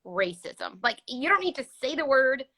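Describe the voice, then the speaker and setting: Bright-voiced woman hosting a chat. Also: high voice, normal speed. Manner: animated, explains with vivid examples. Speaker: host, parenting psychologist. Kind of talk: casual conversational interview. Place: home, recorded livestream. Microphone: video call.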